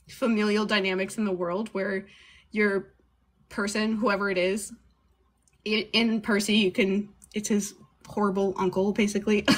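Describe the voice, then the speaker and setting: A woman's voice: mid-range voice, a bit bright. Podcast co-host, woman, loose rambling delivery, frequent laughs, casual swearing.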